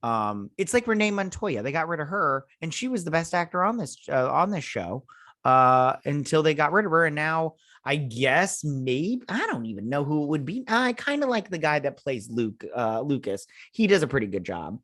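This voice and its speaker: A man's voice: a little high, sing-song, moderate pace, fairly bright tone, no room sound, clean studio sound. A man hosting a casual episode review, talking in a sarcastic, mocking way and acting out the characters' lines in silly voices. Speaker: show host reviewing a TV episode.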